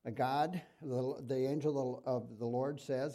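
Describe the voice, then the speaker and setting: A man's voice: medium pitch, steady tone, slow, warm tone. A middle-aged man preaching a sermon in a conversational way, asking his congregation questions.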